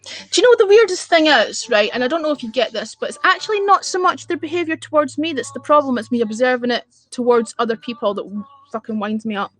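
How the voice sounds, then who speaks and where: A woman's voice: sits high, expressive, fast talker. A woman chatting with viewers on a livestream, blunt and full of swearing as she rants. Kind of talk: casual live-stream chat.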